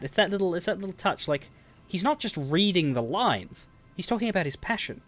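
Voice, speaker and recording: A man's voice: sits high, big pitch swings, a little fast, a bit bright, faint music behind. A man live-streaming a game, commenting casually in a rambling, self-interrupting way.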